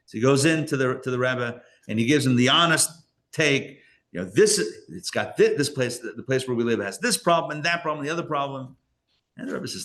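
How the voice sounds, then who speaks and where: Conversational rabbi telling stories to a class. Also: male voice, medium pitch, lively intonation, fast talker, fairly bright tone. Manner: conversational, anecdotal, with many restarts. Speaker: rabbi and teacher. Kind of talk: live lecture with stories. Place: live class in a Torah center.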